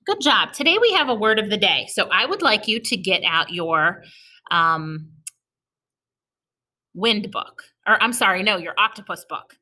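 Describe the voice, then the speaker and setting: Her pitch is medium, her intonation lively, and her voice pushed and bright as she teaches small children early reading in a recorded video. Each letter gets sounded out slowly and patiently, followed by praise.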